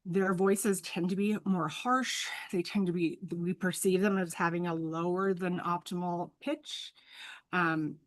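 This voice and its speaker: A woman with a lowish voice talks as a guest speech-language pathologist, laying out her points in an earnest, teacherly manner. She often checks in with the listener by asking "right?". The sound is close and dry, with no room echo. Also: steady tone, unhurried. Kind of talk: explanatory professional conversation.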